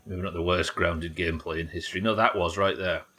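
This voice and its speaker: A man from the UK streaming a survival game live, yelling at the game, swearing, and reading out chat messages. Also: low voice, fairly quick, a little hiss or hum. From United Kingdom. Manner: excitable, swears a lot, yells at the game.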